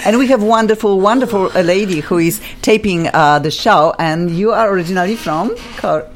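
A woman with a Polish accent hosting a radio talk show, effusive and gushing in halting English. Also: medium pitch, crowd noise. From Poland. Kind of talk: casual radio chat.

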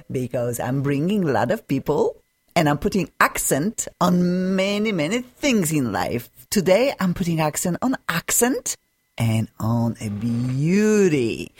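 A woman hosting a radio talk show, gushing and laughing often as she chats with guests in the studio. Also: sits low.

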